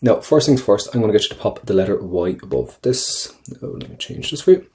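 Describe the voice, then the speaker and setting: Low, mellow man tutoring. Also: expressive. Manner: chatty, encouraging, repeats phrases slowly for learners. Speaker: Irish language tutor. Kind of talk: screen-recorded exam prep lesson.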